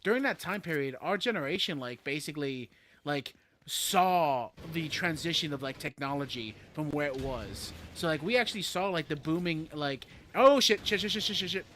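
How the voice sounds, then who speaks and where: Male streamer in his thirties, bright, slightly high voice, rambly and excitable. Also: moderate pace, slight background noise. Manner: rambling, excitable, swears, many fillers. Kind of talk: casual gaming stream chat.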